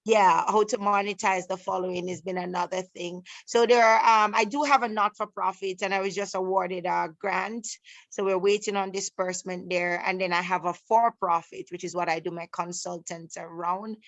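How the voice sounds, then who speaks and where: Middle-aged jamaican lady, halting talk w lots of restarts, dry close sound. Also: fairly low pitch, steady tone, no echo. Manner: halting, many restarts and fillers. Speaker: participant. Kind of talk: casual video call chat. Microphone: video call.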